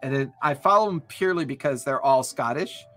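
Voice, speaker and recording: A man co-hosting a casual podcast chat about tabletop games, animated and quick to swear. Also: mid-range voice, faint music behind. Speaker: podcast co-host.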